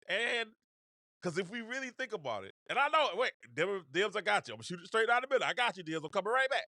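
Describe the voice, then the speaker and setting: Man, show host, casual slangy commentary, swooping pitch, dry close sound. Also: fast talker, no room sound. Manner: animated, laughing, slangy, repeats himself.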